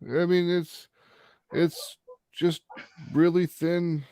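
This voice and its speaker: A man's voice: sits high, level tone, drawn-out words, dark tone, clean tone, dry recording. A laid-back man chatting as a guest, answering briefly and laughing easily. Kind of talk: casual chat.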